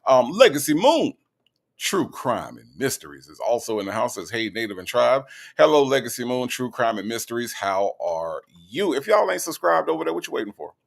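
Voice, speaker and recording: A man's voice: medium pitch, big pitch swings, a little fast, gravelly. A man hosting a casual livestream, greeting viewers from the chat in a playful, teasing way. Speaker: livestream host.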